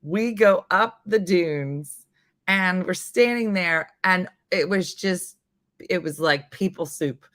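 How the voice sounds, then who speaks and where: A chatty woman with a New Jersey accent, chatting casually on a live morning stream with a slightly husky, hoarse edge to her voice. Her tone is bright and forceful, and the sound is close and dry with no room around it. She rambles from story to story. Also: fairly low pitch, takes it slowly, no echo. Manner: chatty, rambling, laughs at herself. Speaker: morning show host.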